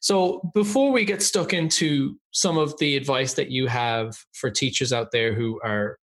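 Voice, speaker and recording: A man's voice: mid-range voice, unhurried, fairly bright tone. A man hosting a podcast, reading a guest introduction and then chatting with enthusiasm. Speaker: podcast host. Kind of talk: scripted introduction and casual interview. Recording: music playing behind the voice. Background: music.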